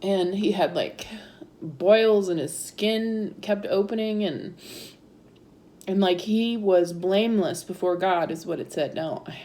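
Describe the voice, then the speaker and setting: A woman's voice: medium pitch, slow, mellow. A woman in her thirties telling her personal story in a chatty way, full of fillers and frequent laughs. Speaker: interviewee sharing her story.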